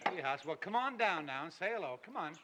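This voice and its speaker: A man's voice: a little high, big pitch swings, quick pace, heavy background noise. A man playing a husband and father in a 1960s film comedy, easygoing and wisecracking.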